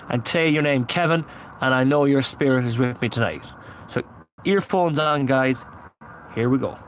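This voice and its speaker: A man's voice: mid-range voice, normal speed, low-quality recording. A man working as a paranormal investigator, alone outdoors at night, repeatedly and earnestly pleading for spirits to come forward in a ghost-hunting vlog. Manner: repetitive, earnest pleading calls. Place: outdoors at night, seated on a memorial bench. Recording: outdoor recording with steady traffic noise.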